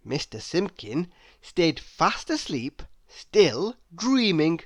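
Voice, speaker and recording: A woman reading a children's storybook aloud in an expressive manner, now and then asking the listener questions. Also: lowish voice, takes it slowly, no echo, clean studio sound. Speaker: storybook reader.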